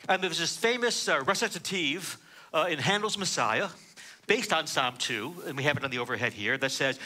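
Casting: animated male preacher, high and bright, dramatic storyteller. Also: normal speed. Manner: storytelling, dramatic swings from loud to hushed. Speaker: rabbi. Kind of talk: sermon.

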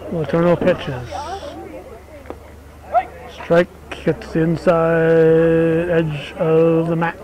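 A middle-aged man doing play-by-play for a local softball game in a relaxed, chatty way, correcting himself and making asides. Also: on the high side, drawn-out words, long pauses, muffled recording. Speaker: play-by-play announcer. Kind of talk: local sports commentary. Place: outdoor softball field. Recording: crowd noise at an outdoor ballfield.

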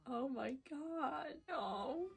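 A woman's voice: high voice, expressive, very slow, creaky, faint music behind. A woman hosting an anime reaction video, exclaiming and gasping at the screen and rambling casually with lots of fillers. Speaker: anime reaction channel host.

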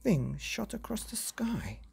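A man hosting a bedtime story podcast, reading a children's chapter gently and playfully, with sound effects. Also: high voice, sing-song, slow, vocal fry, breathy edge.

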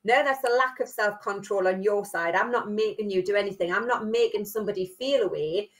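A woman's voice: medium pitch, fairly quick. A woman with a Geordie accent from northeast England, co-hosting a casual podcast chat and often ending points with tag questions. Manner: chatty, leans on tag questions. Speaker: podcast co-host.

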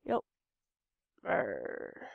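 A woman's voice: very slow, dry recording, narrow, tinny audio. A tired young woman from Idaho with a Western American accent, rambling through casual gameplay commentary and talking back at the characters on screen. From Idaho, United States. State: tired and a bit sick. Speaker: game video host.

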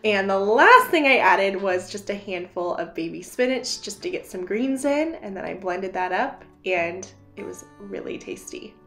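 A woman's voice: mid-range voice, expressive, normal speed, few pauses, bright, forceful tone. A congested woman in her thirties, chatting casually as she vlogs her day and laughing often. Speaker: vlogger. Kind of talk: casual vlog narration.

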